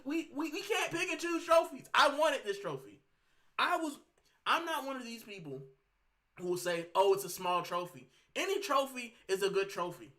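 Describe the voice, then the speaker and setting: A man's voice: high voice, sharp tone. A man hosting a fan channel, fuming and ranting heatedly while sick and straining his voice. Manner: fuming, ranting, repeats himself. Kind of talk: heated fan rant to camera.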